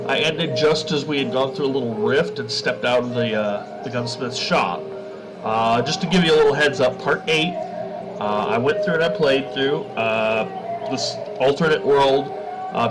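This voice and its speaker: A man with a stuffed-up nose from a head cold, chatting casually while he streams a shooter game, with excitable bursts between rambling recaps. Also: mid-range voice, low-quality recording. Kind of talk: casual gameplay commentary.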